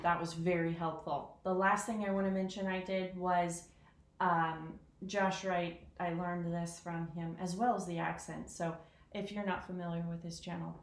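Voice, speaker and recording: A woman talking casually through how she practices a piano piece, chatty and self-deprecating, counting rhythms out loud. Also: on the low side, gravelly. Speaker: piano teacher. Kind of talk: casual piano lesson vlog. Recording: echoey room with piano. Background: piano playing.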